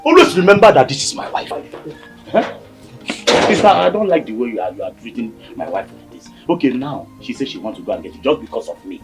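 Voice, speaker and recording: A weary Nigerian peacemaker. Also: male voice, mid-range voice, big pitch swings, fairly quick. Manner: pleading, soothing, repeats himself. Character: weary peacemaking husband and brother. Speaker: brother trying to settle a family quarrel. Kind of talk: Nollywood family drama acting. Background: background music.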